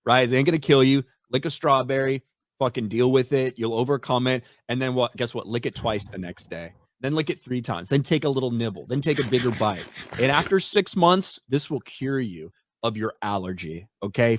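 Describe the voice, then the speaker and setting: A man's voice: medium pitch, dry recording, clean studio sound. A man hosting a podcast, talking casually in a brash, profane, mocking way. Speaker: podcast host. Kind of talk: casual chat.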